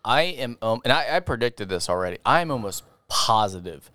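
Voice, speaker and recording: Casual man, rambling and jokey, smooth, dry studio sound. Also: mid-range voice, big pitch swings, moderate pace, bright, forceful tone, dry recording. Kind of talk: casual movie-discussion chat.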